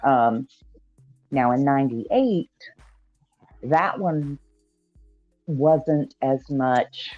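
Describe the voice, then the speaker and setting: A man from Georgia explaining things in a calm, measured way during a casual call-in chat. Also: mid-range voice, dry recording, dull audio, soft background music.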